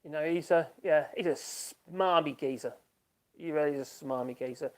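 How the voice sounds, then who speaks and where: A man's voice: fairly high pitch, moderate pace. A man hosting a casual live stream from his home workshop, chatting loosely and laughing often as he reads out and reacts to viewer comments.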